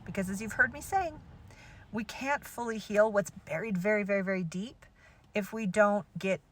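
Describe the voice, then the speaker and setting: A woman spiritual teacher talking casually to her followers, animated and exclamatory, laughing often and swearing freely. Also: mid-range voice, normal speed, no room sound. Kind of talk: casual monologue to camera.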